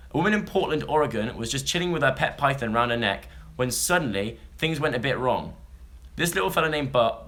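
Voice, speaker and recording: Young male vlogger, bright and forward tone, chatty and jokey, prone to tangents. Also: mid-range voice. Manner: chatty, jokey, rambling asides. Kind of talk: casual chat, reading news stories to a live audience.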